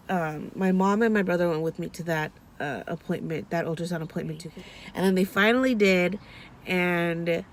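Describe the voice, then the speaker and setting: A woman's voice: fairly low pitch, slight background noise. A young woman vlogging in a casual, rambling way, often restarting her sentences and growing emotional. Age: young adult. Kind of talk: casual chat.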